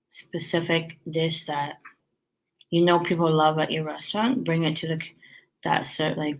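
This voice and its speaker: A tired woman who owns a restaurant chats casually about running it, giving business tips while yawning and rambling with lots of fillers and restarts. Her voice is deep and creaky, and the recording quality is low.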